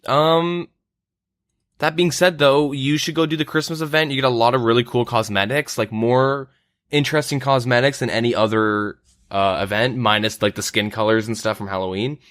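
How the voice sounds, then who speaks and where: This is a casual gaming chat from a young man hosting a podcast out of Canada. His mid-range voice moves at a moderate pace, and his relaxed delivery is packed with "like" and "um." The studio-quality recording is dry.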